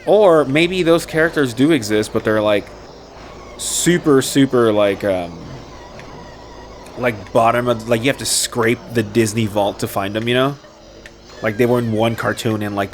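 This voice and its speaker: A man's voice: mid-range voice, fairly even intonation, moderate pace, pauses often, slight background noise. A young man rambling and joking with profanity while commenting on a game. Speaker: gameplay commentator.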